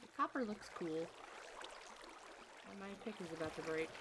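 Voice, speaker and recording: A woman's voice: on the low side, lively intonation, normal speed. A woman streaming a game, chatting casually and muttering to herself as she plays, self-deprecating and easily startled. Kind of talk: casual gameplay commentary. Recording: loud background noise.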